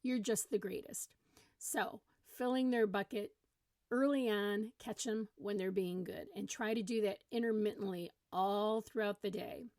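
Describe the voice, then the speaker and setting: Female parenting coach, calm step-by-step delivery, mid-pitched voice, dry close recording. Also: unhurried, no echo. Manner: calm, encouraging, explains step by step. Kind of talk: instructional talk to camera.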